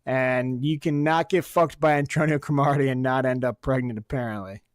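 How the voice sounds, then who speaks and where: A man's voice: mid-range voice, fairly even intonation, normal speed, dry recording, clean studio sound. A man co-hosting a podcast, chatting casually with crude jokes and frequent laughter. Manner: joking, crude, laughs often. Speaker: podcast co-host. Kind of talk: casual chat.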